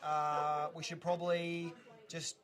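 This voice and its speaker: Deadpan high-voiced man. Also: slow. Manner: deadpan, hesitant. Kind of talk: casual interview.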